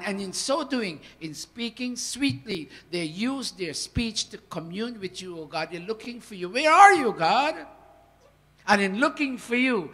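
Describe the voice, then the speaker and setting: A man teaching a scripture workshop, talking in an earnest, animated devotional manner. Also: high voice. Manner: animated, earnest, with swells of emphasis.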